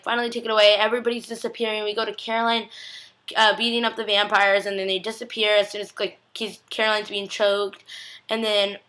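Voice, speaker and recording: A woman's voice: mid-range voice, sharp tone. A young woman recapping a TV episode in a chatty, gushing way, emotional and close to tears, peppering her talk with "like" and acting out quotes. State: teary, on the verge of crying. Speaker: TV recap vlogger.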